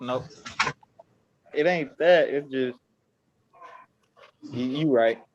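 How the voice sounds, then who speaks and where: A man's voice: mid-range voice, drawn-out words, lo-fi sound, noisy background. A twenty-year-old man, a defendant at a court hearing, speaking in a subdued, apologetic way.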